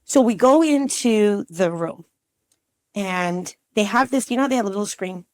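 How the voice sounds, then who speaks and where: A woman in her fifties, a relationship coach talking as a podcast guest, telling a personal story in a lively, chatty way and calling the listener "girlfriend". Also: medium pitch, measured pace, no room sound. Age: 50s. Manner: lively storyteller who acts out scenes and calls the listener "girlfriend". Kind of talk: casual interview storytelling.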